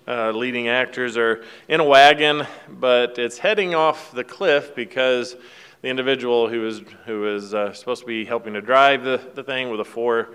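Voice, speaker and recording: A man's voice: medium pitch, moderate pace, fairly bright tone, smooth. A man giving a casual devotional talk, retelling a film scene in a folksy, rambling way with fillers and restarts. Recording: long hall reverb.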